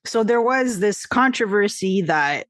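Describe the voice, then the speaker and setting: A playful woman from Montreal co-hosts a casual podcast. Her pitch swings in a lively way, and she giggles through the banter. Her voice is close and dry, with no room around it. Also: unhurried, dry recording. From Montreal, Canada. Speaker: co-host.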